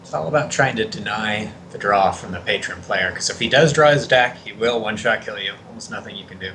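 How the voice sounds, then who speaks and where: A male co-caster with a low, bright, forceful voice, giving color commentary with quick agreements and strategy explanations. A faint air conditioning hum runs behind him. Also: poor audio. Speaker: esports co-caster.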